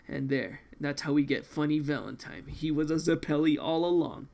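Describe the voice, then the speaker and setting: A man's voice: a little high, moderate pace, creaky, few pauses, mellow. A man hosting a manga read-along, casually reacting and joking aloud between readings.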